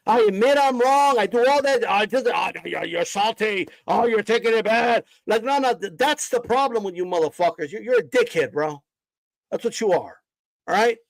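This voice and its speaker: Guy going off at his chat on stream, swears a lot, kinda high voice, dry close sound. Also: no room sound, poor audio. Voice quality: profane, confrontational, mocking. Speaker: boxing streamer. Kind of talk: heated live-stream rant.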